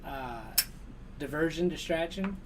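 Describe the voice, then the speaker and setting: A man's voice: a little high, unhurried, distant mic, noisy background. A man co-hosting a casual chat show, rambling and laughing often. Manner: laughs a lot, rambling, reads sponsor list. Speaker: co-host.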